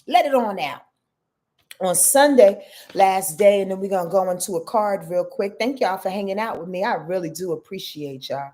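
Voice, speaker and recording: A woman hosting a casual live-stream astrology reading, expressive and chatty, speaking straight to her viewers. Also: medium pitch, normal speed. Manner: expressive, talks straight to viewers, greets chat by name.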